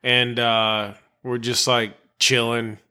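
A man from Chicago co-hosting a podcast, telling a long story in a rambling, profane way and clearing his throat often. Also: mid-range voice, level tone, takes it slowly, bright, forceful tone. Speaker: podcast co-host. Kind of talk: casual storytelling chat.

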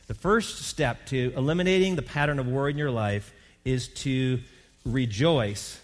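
A man's voice: mid-range voice, normal speed. A middle-aged man preaching a sermon in a conversational way, often repeating words and rising into emphatic bursts. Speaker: pastor. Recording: reverberant hall.

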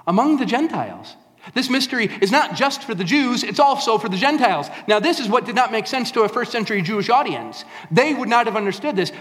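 Male pastor, emphatic sermon delivery, echoing hall. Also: a little high. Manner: emphatic preaching, repeating key phrases.

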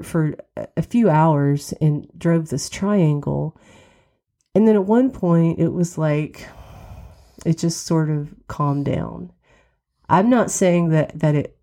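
A middle-aged woman with a low, mellow voice hosts her podcast alone. She tells a personal story candidly and reflectively. A lingering cold sometimes catches her voice. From West Virginia. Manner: candid, reflective, wry laughs. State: has a cold, occasional cough. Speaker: podcast host.

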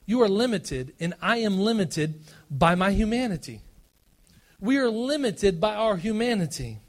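Animated pastor with a twang. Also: male voice, high voice, normal speed. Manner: conversational, self-deprecating preaching with big swings between loud and hushed. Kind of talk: sermon.

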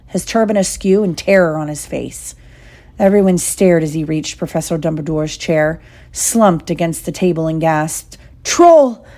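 A woman reading an audiobook in a steady, measured storytelling voice. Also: on the low side. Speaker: audiobook reader. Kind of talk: audiobook narration.

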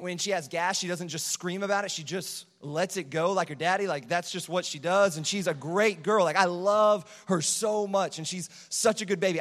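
A young male pastor with a fairly high voice tells a sermon as loose, rambling stories, packed with fillers and restarts. His voice rings out in a hall with a long, trailing reverb. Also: fairly bright tone. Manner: rambling and conversational, full of "like" and restarts. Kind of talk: casual storytelling sermon.

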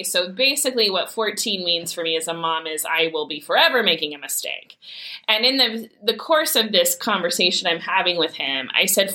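Bright-voiced mother telling candid stories. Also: on the low side, a little fast. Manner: candid storytelling with laughs and acted quotes. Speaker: mother speaking on parenting. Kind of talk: casual faith-based talk.

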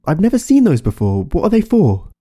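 A man voicing a shocked middle-aged mother who presses her husband with high, indignant questions, over soft guitar music. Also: wildly swooping pitch, a little fast, slight background noise. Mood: alarmed.

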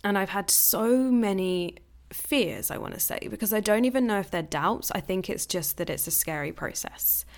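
A woman's voice: mid-range voice, normal speed. A young woman hosting her own podcast, talking candidly in a casual monologue and laughing often. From England. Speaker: podcast host.

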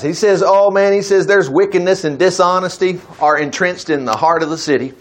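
A man preaching a sermon in church, reading scripture aloud and dramatizing it in a folksy, animated way. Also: on the high side, breathy edge. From United States.

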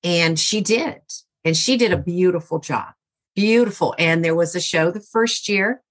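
A woman's voice: lowish voice, moderate pace. A middle-aged woman as an interview guest, telling a personal story in a heartfelt, rambling way with many fillers and restarts.

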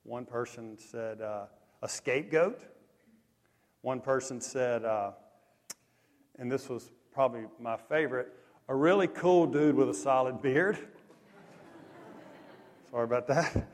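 A man preaching a sermon, telling stories in a lively, conversational way. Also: medium pitch, takes it slowly, pauses often. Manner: animated, conversational storytelling with lively swings in loudness. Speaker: pastor. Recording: long echo of a large hall.

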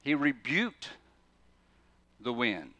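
A man preaching a sermon, telling the story with animated swings between quiet asides and loud, emphatic bursts, often restarting words mid-thought. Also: medium pitch, extremely slow, no room sound. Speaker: pastor.

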